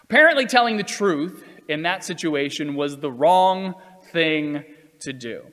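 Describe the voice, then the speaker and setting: A man telling personal stories in an earnest, measured way, acting out quotes along the way. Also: fairly high pitch, expressive, a bit bright, big-room sound. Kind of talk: storytelling talk.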